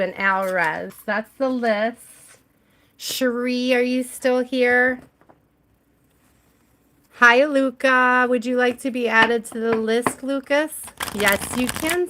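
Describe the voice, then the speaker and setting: An American woman with a pushed, bright, rather high voice hosts a tarot livestream. She chats casually with viewers, reads their names aloud, and laughs often.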